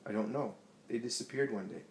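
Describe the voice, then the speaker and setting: A man's voice: medium pitch, brisk, close to an everyday voice. A man voicing an affronted, wealthy male banquet host who answers indignantly and defensively, recorded in an echoey room from a distance. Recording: echoey room, distant mic, faint hiss.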